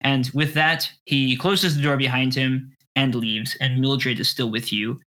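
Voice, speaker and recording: Bright-voiced man narrating a game. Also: medium pitch, fairly even intonation, unhurried. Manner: descriptive, playful. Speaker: game master.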